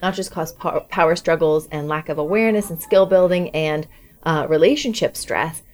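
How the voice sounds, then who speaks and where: Explaining woman co-host, low voice. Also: moderate pace, darkish tone. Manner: explanatory, frequent "right?" tags. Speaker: parenting podcast co-host. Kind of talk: casual chat.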